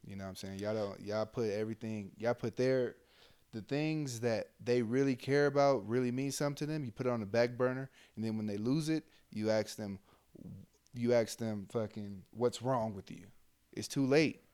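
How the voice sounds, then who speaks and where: A man's voice: medium pitch, moderate pace, a little mellow, clean tone. A young adult man, a soldier, talking bluntly and heatedly in casual chat, with lots of fillers and swearing. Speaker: army soldier, podcast co-host.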